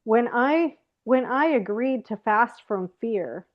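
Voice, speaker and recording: A woman's voice: a little high, lively intonation, slow. A woman host giving a reflective, emphatic teaching talk. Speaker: host of a faith program. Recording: tinny phone-like call audio.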